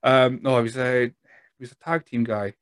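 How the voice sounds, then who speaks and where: A man's voice: mid-range voice, steady tone, moderate pace, smooth, no echo. A Scottish man hosting a podcast in casual chat, laughing often and trailing off into restarts. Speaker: podcast host.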